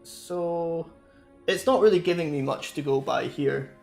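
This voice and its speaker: A man's voice: fairly high pitch, takes it slowly, gravelly, pauses often, darkish tone, soft background music. A young man chatting casually with his stream viewers, rambling and laughing often. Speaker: live streamer.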